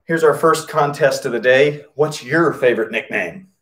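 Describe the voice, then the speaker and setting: Leading a live-streamed PE class, this coach speaks at normal speed in a mid-range, slightly bright voice. He's upbeat and winded from the workout, shouting nicknames and counting reps.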